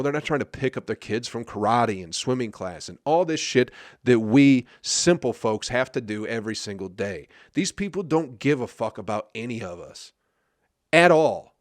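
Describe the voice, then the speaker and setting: A man from Flint, Michigan hosts his comedy podcast in a profane ranting monologue, swearing nonstop and often asking "you know what I mean, people?" His voice is on the low side and animated at a normal speed, with clean studio sound and no room echo.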